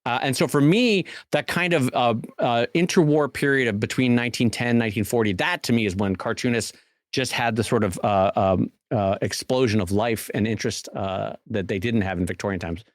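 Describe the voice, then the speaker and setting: A man's voice: medium pitch, a little fast, no room sound, clean studio sound. A man co-hosting a podcast, chatting casually and with energy, full of fillers and restarts. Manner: animated, many fillers and restarts. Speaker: podcast co-host. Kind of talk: casual chat.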